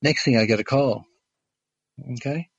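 With a husky, medium-pitched voice and a moderate pace, a man spins a lengthy story as a guest, stumbling over fillers and starting over often. The recording is dull and lo-fi, with no echo.

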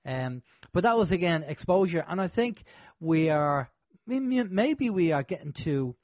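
A man's voice: fairly high pitch, big pitch swings, a little slow, darkish tone, no room sound. A man hosting a casual conversation, talking in a rambling, hesitant way with many fillers.

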